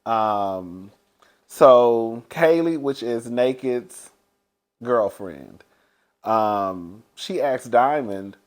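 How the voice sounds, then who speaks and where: A man's voice: medium pitch, animated, very slow. A man chatting casually as a show reviewer, dishing gossip, calling listeners "girl" and often breaking into laughter. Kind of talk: casual gossipy recap chat.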